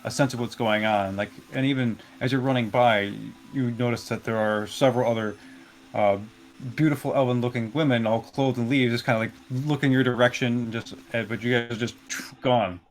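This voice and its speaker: A male game master narrating a tabletop fantasy scene in a loose, rambling way. His voice sits at an ordinary mid pitch and he pads his descriptions with fillers. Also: a little fast, slight background noise. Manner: relaxed, rambling, full of fillers.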